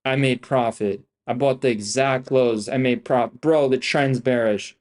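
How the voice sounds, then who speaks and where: A man's voice: medium pitch, unhurried. A young man giving casual live-stream trading commentary, hyped and profane, full of slang and repetition as he talks to his viewers. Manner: hyped, profane, slangy, repeats himself, calls viewers "bro" and "guys". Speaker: day trader streaming live.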